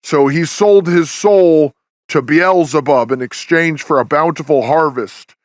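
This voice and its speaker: A man with a somewhat high voice talks through a film's plot in a loose, rambling way, full of restarts and fillers. The sound is dry and close, with no room around it. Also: a little slow, no room sound. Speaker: podcast host. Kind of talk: casual review chat.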